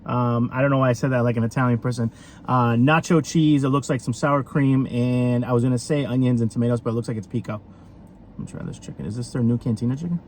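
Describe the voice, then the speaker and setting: A man talks his way through a casual food review, rambling and chatty with plenty of ums and uhs. His voice sits at an ordinary middle pitch. Faint vehicle noise hums behind him. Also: steady tone, fast. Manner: chatty, rambling, with many fillers.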